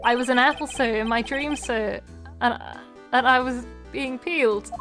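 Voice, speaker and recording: A woman voicing an overeager, jittery young male police officer who ends almost every sentence with "sir" and talks loud and melodramatic. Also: fairly high pitch, fairly even intonation, normal speed, soft background music, close to an everyday voice. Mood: whiny.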